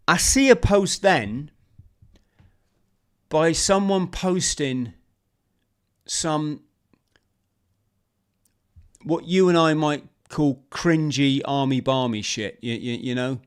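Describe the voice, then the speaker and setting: Smooth-voiced man hosting a podcast. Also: mid-range voice, takes it slowly, long pauses. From United Kingdom. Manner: conversational, restarts, addresses listeners as friends. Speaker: podcast host. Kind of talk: casual podcast chat.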